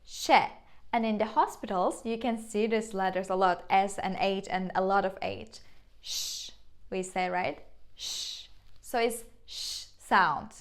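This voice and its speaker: A young woman with a Turkish accent teaching a beginner language lesson, saying each word slowly and repeating it twice. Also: mid-range voice.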